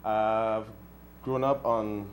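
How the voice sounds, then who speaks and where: A man with a lowish voice talks in a soft, halting way, often restarting his sentences as a guest on a chat show. Steady background noise sits under the recording. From Trinidad. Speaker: gospel recording artist, guest. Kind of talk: casual interview answers.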